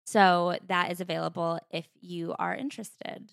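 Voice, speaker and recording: A woman co-hosting a book podcast in casual chat, with wry quick asides. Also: fairly low pitch, steady tone, creaky, a bit bright, no echo, clean studio sound. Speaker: podcast co-host.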